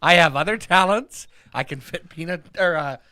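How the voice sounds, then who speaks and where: A male co-host trading jokes on a live podcast, his voice bright and a touch high. He swears freely and laughs partway through his sentences. The sound is dry and close. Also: moderate pace, no room sound. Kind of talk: casual live podcast banter.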